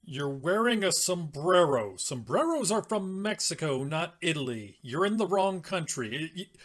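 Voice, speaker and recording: A woman's voice: deep voice, big pitch swings, moderate pace. A woman voicing a pedantic partygoer who corrects others with flustered stammering. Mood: correcting.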